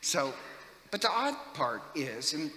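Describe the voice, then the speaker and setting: Chatty priest in an echoey church. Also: male voice, on the high side, sing-song, takes it slowly, pushed and bright. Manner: chatty, jokey, lots of fillers. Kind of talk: homily with storytelling.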